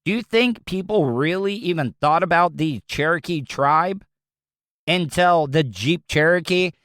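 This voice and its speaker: A man's voice: on the high side, unhurried, a bit bright, dry recording, studio quality. A man with a Southern American accent, hosting his own podcast with blunt, rambling opinions. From Southern United States. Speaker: podcast host. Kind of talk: casual opinion talk.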